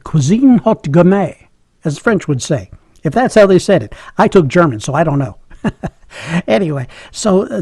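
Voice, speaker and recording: A man's voice: on the high side, darkish tone, husky, no room sound. A middle-aged man telling a funny personal story, chuckling often and joking at his own expense. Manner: humorous, chuckling, self-mocking.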